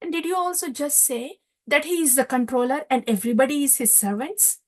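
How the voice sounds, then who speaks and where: A woman voicing an older fatherly cowherd chief who fires off incredulous, pleading questions, her voice high and lively. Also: normal speed.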